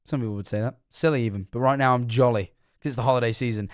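A man's voice: mid-range voice, racing, few pauses, no room sound, clean studio sound. A young man streaming, reacting to a video and rambling through explanations of his own jokes with plenty of swearing. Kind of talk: live-stream reaction commentary.

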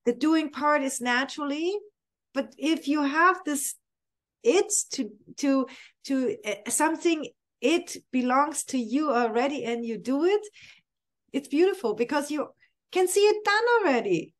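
Woman co-host, high voice, unhurried, effusive and appreciative in spiritual talk. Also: animated. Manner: effusive and appreciative, repeats phrases. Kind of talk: spiritual conversation.

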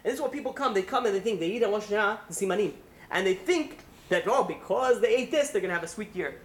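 A rabbi giving a holiday sermon in an animated storytelling way, with frequent restarts. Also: male voice, high-pitched, fast talker.

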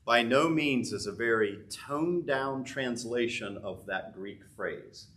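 A man's voice: fairly low pitch, a little slow, fairly bright tone. A man preaching a sermon in a loose, conversational way, thinking aloud with frequent restarts. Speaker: pastor.

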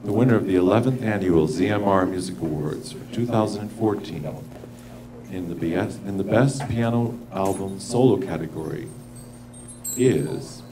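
A man's voice: deep voice, normal speed, crowd noise. A man presenting awards live on stage, effusive and exclamatory, gasping and sighing between lines. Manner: effusive and exclamatory, with gasps and sighs. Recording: noisy live theater recording.

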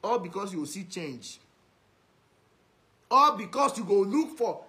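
A man with a high-pitched voice and a Nigerian Pidgin accent, ranting straight at someone in a video message. He scolds and insults, hammering the same put-downs again and again. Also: very animated, slow, pauses often, sharp tone. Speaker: social media commentator.

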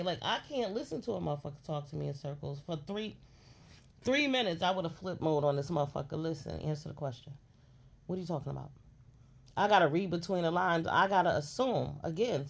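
A woman's voice: lowish voice, creaky. A woman delivering a blunt, sassy, profane rant as a commentary streamer, scolding her subject.

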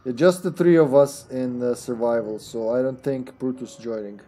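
A man's voice: mid-range voice, normal speed, few pauses, warm tone, faint music behind. A man streaming a video game with friends, chatting casually, joking and laughing often. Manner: jokey, laughs often, rambling. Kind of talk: casual gaming chat.

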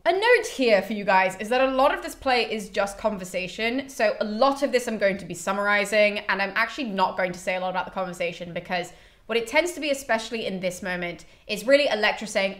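A woman's voice: fairly high pitch, lively intonation, fast, a bit bright. A woman host giving a chatty, casual summary of a classical play, dropping in playful mock quotes of the characters.

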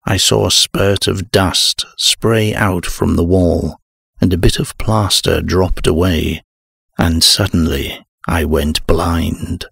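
A man narrating a horror audiobook in a measured, dramatic first-person telling. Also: low voice, fairly even intonation, gravelly, a bit bright, slightly rough, no echo, clean studio sound.

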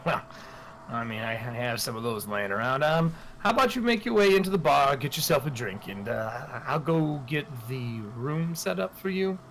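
A man's voice: mid-range voice, expressive, moderate pace, fairly bright tone, slight background noise. A man voicing a scarred older brothel madam who rambles in a brash, bawdy way.

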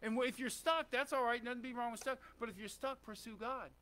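A man's voice: very high-pitched, fairly even intonation, fast talker, fairly bright tone. A man preaching a conversational sermon in a church, often asking the congregation questions and saying "amen.". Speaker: pastor.

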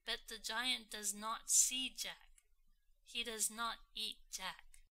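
Casting: woman storyteller for a learners' read-along, very slow, clear and bright. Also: on the high side, fairly even intonation. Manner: clear, deliberate simple phrasing.

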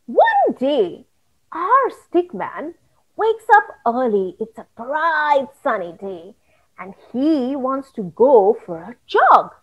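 High, singsong woman reading a story to kids. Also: slow pace, slightly rough, lo-fi sound. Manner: animated, singsong, talks directly to children. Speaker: children's storyteller.

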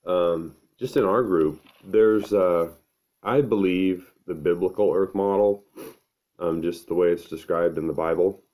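A middle-aged man, talking to camera at home in an unhurried, earnest, thinking-aloud way. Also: sits low, dark tone. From American Midwest. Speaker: vlogger. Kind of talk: casual to-camera monologue.

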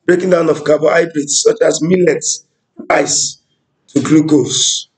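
A man's voice: a little high, level tone, normal speed, poor audio. A man walking through exam questions as a chemistry tutor, explaining each answer and asking rhetorical questions. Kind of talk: exam-prep lesson walkthrough.

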